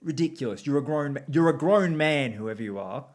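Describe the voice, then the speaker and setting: A man's voice: on the high side, expressive, brisk. A young man co-hosting a sports podcast, chatty and laughing often as he tells stories. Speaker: podcast co-host. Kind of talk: casual sports chat.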